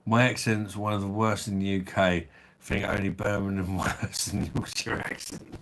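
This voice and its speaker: Deep-voiced South East London man hosting a casual drinking livestream, relaxed matey chat with viewers. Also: normal speed. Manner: laid-back blokey banter with swearing and chuckles. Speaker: livestream host.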